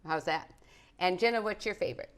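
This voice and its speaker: With a lowish voice and a brisk pace, a middle-aged woman hosts a casual live cooking show from her living room. She talks cheerfully with the kids and her viewers.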